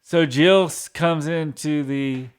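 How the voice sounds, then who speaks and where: A man's voice: a little high, slow, smooth. A man casually recapping a sitcom episode, rambling with restarts and fillers. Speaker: show recap host.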